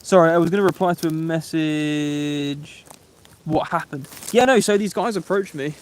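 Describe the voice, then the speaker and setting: A young Englishman talks casually to his live-stream viewers. His voice sits slightly high for a man, and he is loose and chatty, throwing in mate and bro as he answers comments. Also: moderate pace, a little hiss or hum. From England. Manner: chatty and laid-back, says "mate" and "bro". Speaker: YouTube camping livestreamer.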